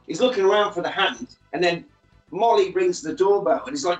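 A man's voice: on the high side, brisk, echoey room, soft background music, rough recording. A man, casually recapping a film's plot and acting out the characters' lines as a podcast co-host.

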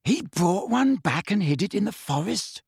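A man voicing a blunt, excitable teenage schoolboy in an audiobook reading. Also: high-pitched, normal speed, creaky, husky, no room sound, clean studio sound, pitched above the performer's own voice, heavily acted.

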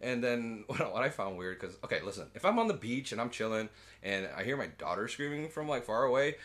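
A man casually recapping a movie with a co-host, animated, jumping into squeaky character voices and swearing freely. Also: fairly quick. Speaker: podcast co-host.

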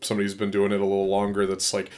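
A man with a lowish voice hosts a casual comedy podcast. He talks easily, backs up his guest with steady "yeahs," and asks loose open questions. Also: racing. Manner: easygoing, asks open questions, lots of backchannel. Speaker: podcast host.

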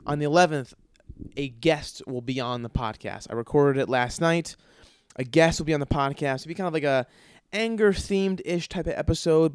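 A man hosts his own podcast, grumbling through a casual, comic rant full of profanity and rambling restarts. His voice is a little high and smooth, recorded at studio quality with no echo.

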